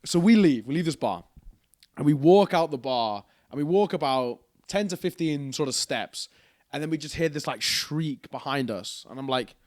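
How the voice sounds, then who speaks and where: A man's voice: on the high side, moderate pace, no echo, studio quality. A young man telling a rambling story on a casual podcast, swearing freely. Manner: rambling, animated anecdote with swearing and laughter. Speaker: podcast co-host.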